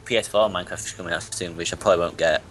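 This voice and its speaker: Sweary low-voiced young guy. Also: steady tone, racing, a little hiss or hum. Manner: blunt, sweary and stammering. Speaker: co-host. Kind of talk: casual gaming chat.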